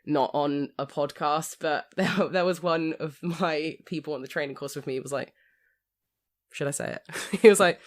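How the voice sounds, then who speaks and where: A woman, co-hosting a casual podcast chat and telling a story with lively, laughing delivery. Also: low voice, moderate pace. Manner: animated storyteller, laughing often. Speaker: occasional co-host.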